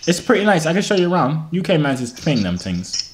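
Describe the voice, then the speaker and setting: A man putting on a smooth British charmer. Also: a little high, big pitch swings, quick pace, noisy background. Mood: flirty. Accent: put-on British. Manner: flirty, laid-back, London slang.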